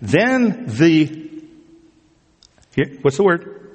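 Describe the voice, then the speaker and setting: A man preaching to his congregation in an easy, conversational way, with a fairly high voice. He poses questions to the listeners and repeats key words for emphasis. A long reverb from a large hall trails his voice. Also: sing-song, very slow. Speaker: pastor. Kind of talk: sermon.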